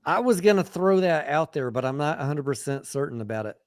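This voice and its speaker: A man's voice: a little high, animated, fairly quick, clean tone, dry recording, clean studio sound. A man hosting a late-night livestream chat, joking and swearing, tired and reading viewer comments aloud. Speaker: livestream host. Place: home in Texas.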